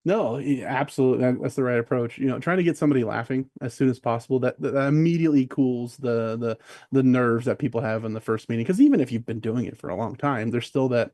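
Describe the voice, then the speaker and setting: Fast-talking man with a mellow voice. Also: mid-range voice, no room sound, clean studio sound. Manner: fast, rambling, many fillers and restarts; acts out quoted voices of other people. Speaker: podcast guest. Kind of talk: casual conversational interview.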